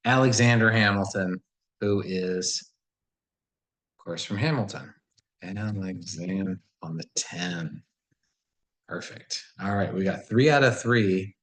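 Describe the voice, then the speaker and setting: Low, slow-talking man thinking aloud. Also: poor audio. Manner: musing, self-questioning, casual. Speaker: puzzle solver. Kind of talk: thinking aloud while solving a puzzle.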